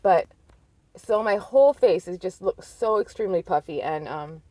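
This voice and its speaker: A woman's voice: fairly low pitch, lively intonation, moderate pace, mellow, dry recording. A woman in her thirties telling a personal story in a candid, rambling way, full of filler likes. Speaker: vlogger.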